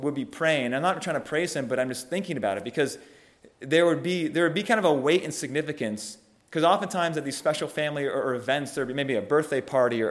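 A preacher with a fairly high-pitched male voice gives a conversational sermon on a scripture passage. He sounds thoughtful and halting, often restarting phrases and checking in with "right?"

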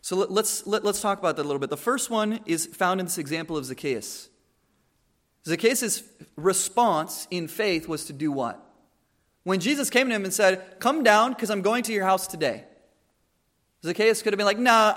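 High-voiced man preaching casually. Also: fairly bright tone. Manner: conversational, with many restarts and acted-out quotes. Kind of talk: sermon.

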